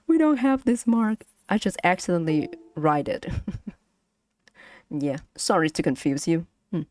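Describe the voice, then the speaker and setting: A young woman with a Vietnamese accent, teaching Vietnamese on a casual stream, speaking haltingly with many fillers and repeats. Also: on the low side, big pitch swings, a little mellow. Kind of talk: casual language lesson stream.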